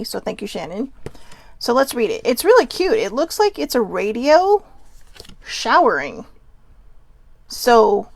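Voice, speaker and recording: Rambly woman host, gravelly fry in her voice, giggles and side notes all over. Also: medium pitch, sing-song, moderate pace, pauses often, no room sound. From Filipino and Hawaiian heritage. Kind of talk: casual chat reading gratitude cards.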